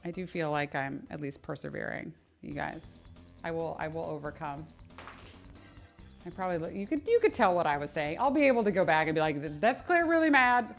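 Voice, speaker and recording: A woman's voice: low-pitched, fairly quick, vocal fry, faint music behind. A woman who works as a personal trainer, chatting casually and swearing on a live stream while she exercises, laughing at herself often. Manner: animated, swearing, self-mocking, laughs often.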